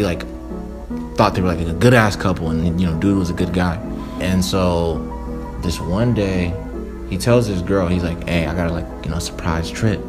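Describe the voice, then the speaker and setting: Man, casual story retelling, very low voice, slangy, music underneath. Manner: laid-back, slang-heavy. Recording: music playing under the talk.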